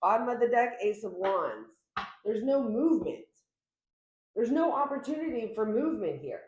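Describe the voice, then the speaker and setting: A woman's voice: very animated, normal speed, a little mellow, muffled recording. A woman giving a casual tarot reading to the camera, chatty and emphatic, filming herself at home. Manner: chatty, emphatic, acts out quoted lines with big pitch jumps. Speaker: tarot reader. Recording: echoey room.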